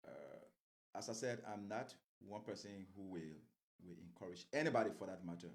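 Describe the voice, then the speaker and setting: A man's voice: low-pitched, moderate pace. A man giving political commentary as an interview guest, rambling and repeating words as he grows heated.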